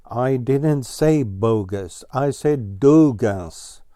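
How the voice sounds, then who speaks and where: A man's voice: mid-range voice, extremely slow, mellow, clean tone, no room sound, clean studio sound. A man voicing a fussy, easily exasperated ground squirrel in a storybook, correcting and emphatic. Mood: instructive.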